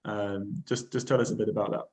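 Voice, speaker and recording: A man interviewing a guest in a casual, halting and enthusiastic way. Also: on the low side, fairly even intonation, a little mellow, low-quality recording.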